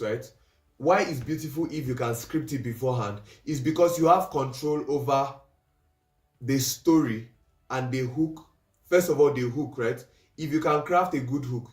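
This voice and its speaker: A man's voice: mid-range voice, distant mic. A man teaching a livestream class on making videos, explaining steps and checking in with his listeners. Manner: instructive, checks in with "right?" and "do you understand?". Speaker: livestream creative coach. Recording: roomy echo, voice off-mic.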